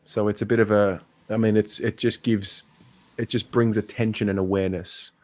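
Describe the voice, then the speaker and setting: A man's voice: lowish voice, level tone, moderate pace, dry recording. A man in casual podcast chat, speaking hesitantly and searching for his words. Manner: hesitant, many fillers and restarts.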